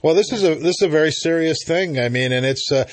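A man hosting a casual talk radio show from a studio, chatty and quick to laugh, with lots of fillers. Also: fairly high pitch, no echo. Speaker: radio host. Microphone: studio mic.

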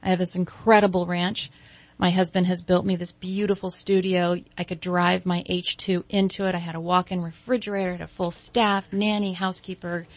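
A woman in her forties, a guest event designer, chatting in an interview and telling lively stories. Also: fairly low pitch, brisk, no echo. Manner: animated storyteller, acts out quoted voices. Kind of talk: casual interview chat.

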